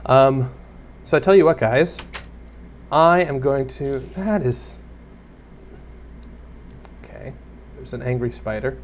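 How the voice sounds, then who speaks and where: A young man talks his way through a block-building game in a loose, rambling stream, often poking fun at himself and chatting with the creatures he meets. His voice sits at an ordinary middle pitch. A faint hum of ambient noise stays under the recording. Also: takes it slowly, long pauses. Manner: rambling, self-deprecating, talks to viewers and mobs. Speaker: gaming YouTuber. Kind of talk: casual Let's Play commentary.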